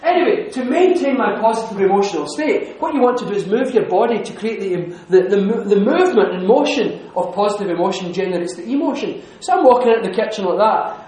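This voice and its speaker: A man telling a lively story to an audience, laughing often and restarting his sentences. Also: high voice, fast talker, few pauses. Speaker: speaker giving a talk. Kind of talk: lively anecdotal talk to an audience. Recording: echoey hall.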